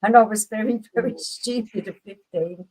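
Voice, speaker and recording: A woman in easy conversation on a live stream, her voice dark and mellow. She explains things earnestly and at length. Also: mid-range voice, normal speed, breathy edge, rough recording. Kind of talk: casual chat.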